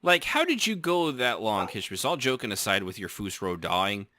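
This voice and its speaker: A man's voice: lowish voice, sing-song, normal speed, pushed and bright, a little hiss or hum. A man hosting a casual podcast chat, joking around, telling stories and laughing often. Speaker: podcast host.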